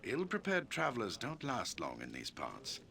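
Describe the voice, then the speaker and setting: An actor playing a formal, protective town leader in a game, speaking with commanding, measured words. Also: male voice, mid-range voice, wildly swooping pitch, vocal fry, bright, forceful tone, heavily acted. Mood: stern. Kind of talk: game voice acting.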